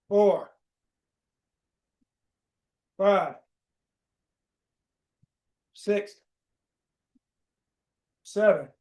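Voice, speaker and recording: A male fitness coach with a fairly high voice talks through a live gym workout. He counts each rep very slowly and deliberately, and strains from the effort between short chatty asides. The sound bounces around an echoey gym room. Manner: slow, deliberate counting while exercising, with brief chatty asides. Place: indoor gym studio.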